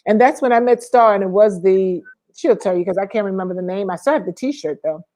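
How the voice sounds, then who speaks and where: A woman co-hosting a casual livestream chat, lively and chatty, calling out viewers by name. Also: medium pitch, brisk. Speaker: co-host.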